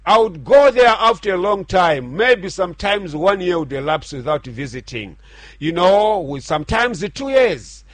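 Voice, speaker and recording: A man's voice: sits high, sing-song, measured pace, no room sound. A middle-aged man preaching a radio sermon, earnest and repetitive with frequent restarts. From Zambia. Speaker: radio pastor.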